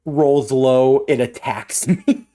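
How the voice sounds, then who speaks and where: A tabletop game player who laughs a lot and sounds excited. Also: mid-range voice, extremely slow. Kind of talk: playing a tabletop game, casual.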